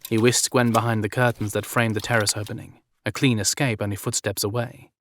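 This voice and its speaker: A man reading romance audiobook narration in a measured, even manner. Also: on the low side, a little hiss or hum.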